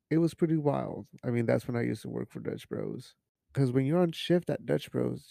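A man's voice: medium pitch, gravelly, warm tone, dry recording, clean studio sound. A young man hosting a casual podcast, talking in a loose, rambling way with lots of swearing and bits of Spanish. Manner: loose, profane, rambling, drops Spanish phrases. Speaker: podcast host.

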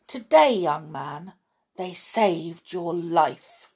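A woman's voice: fairly low pitch, lively intonation, very slow, darkish tone, breathy edge, exaggerated voice. A woman voicing a big, protective mother bear who speaks firmly and scolds. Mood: stern. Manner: firm and scolding.

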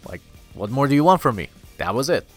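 Brief: casual male recap host, mid-pitched, rambling and chatty, faint music underneath. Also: sing-song, quick pace. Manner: loose, rambling, full of "dude" and "you know". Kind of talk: casual manga chapter recap.

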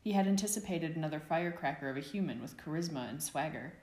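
Casting: woman narrator, deep voice, echoey room, steady audiobook read. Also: quick pace. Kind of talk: fan fiction reading.

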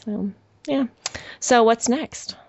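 A woman's voice: a little high, slow, creaky, a little mellow, dry recording. A woman co-hosting a podcast in casual chat, talking thoughtfully with frequent ums and easy laughs. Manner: thoughtful, hesitant with many fillers, laughs easily. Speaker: podcast co-host. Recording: dry, slightly lo-fi audio.

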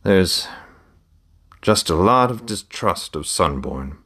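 A man reading an audiobook, voicing a middle-aged trader who is a proud, weary father and speaks in a measured, matter-of-fact way. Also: low-pitched, expressive, fairly bright tone, slightly rough, exaggerated voice.

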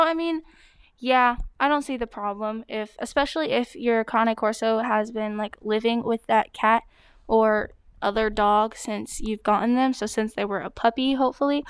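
A woman's voice: fairly high pitch, smooth, no room sound. A woman dog blogger answering common breed questions in a chatty, hesitant way, full of fillers. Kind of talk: casual Q&A vlog.

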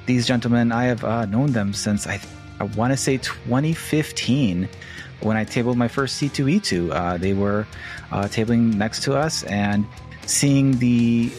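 A man's voice: mid-range voice, a little slow, a little mellow, soft background music. A man hosting a podcast, talking in a rambling, chatty way with casual swearing. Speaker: podcast host.

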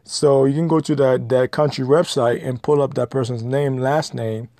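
Gravelly, dark-voiced man lecturing bluntly. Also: mid-range voice, steady tone, moderate pace, no echo, clean studio sound. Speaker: vlogger giving advice. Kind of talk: opinionated monologue to camera.

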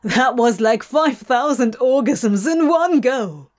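A breathless, urgent male demon lover pours out his devotion, as a woman reader puts him on. His voice is breathy and loud, a little higher than an ordinary man's, and it unspools slowly. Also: expressive. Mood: boisterous.

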